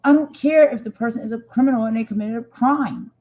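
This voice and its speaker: Talking fast in a warm, fairly high voice, this live streamer delivers impassioned commentary, hammering her points home through repetition and speaking straight to her audience. The recording is rough.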